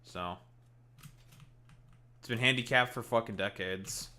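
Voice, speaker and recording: A man's voice: fairly low pitch, takes it slowly, pushed and bright. A young Canadian man with a Canadian accent, streaming and ranting casually, swearing a lot and mockingly throwing in "eh" and "bud". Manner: profane, mocking, with a playfully exaggerated Canadian "eh" and "bud". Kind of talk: casual live-stream rant.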